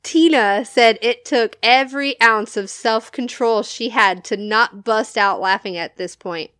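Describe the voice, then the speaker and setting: A woman with a fairly high voice reads listener stories for a podcast. She tells them casually and keeps breaking into laughter. The sound is close and dry. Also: a little slow, a bit bright, smooth, no echo. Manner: laughs often between lines. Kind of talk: casual storytelling read-aloud.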